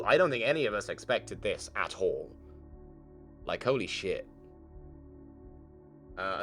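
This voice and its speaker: A man streaming a game, reading a visual novel aloud and breaking off to react, swearing casually. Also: deep voice.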